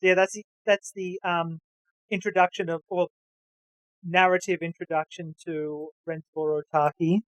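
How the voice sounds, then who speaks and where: A man's voice: sits high, flat delivery, normal speed, fairly bright tone, no echo, muffled recording. A man hosting a podcast, chatting knowledgeably with lots of fillers and restarts. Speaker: podcast host. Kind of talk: casual chat.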